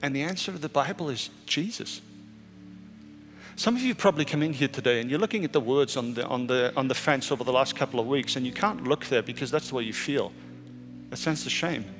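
A male pastor preaching a sermon, moving between urgent raised questions and quiet, hushed statements. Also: mid-range voice, brisk. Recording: church hall reverb with soft music.

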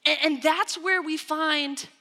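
A woman's voice: high-pitched, fairly even intonation, slow, sharp tone. A woman preaching a sermon, retelling scripture with emphatic storytelling and quoted asides. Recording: long hall reverb.

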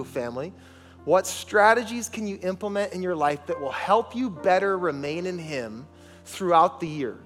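A man's voice: on the high side, a bit bright, long reverb tail. A man preaching a sermon as pastor, emphatic and calling on the congregation for responses, in a large church sanctuary.

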